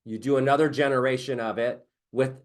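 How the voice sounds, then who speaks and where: A man presenting in a webinar, explaining software step by step in a chatty way. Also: mid-range voice, steady tone, fairly quick. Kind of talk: casual presentation.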